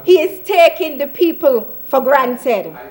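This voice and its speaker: A woman's voice: high voice, animated, slow pace, darkish tone. A woman, a senator giving a combative parliamentary speech in a chamber, hammering her points with repeated jabs. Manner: combative, repetitive rhetorical jabs. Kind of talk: parliamentary budget debate speech.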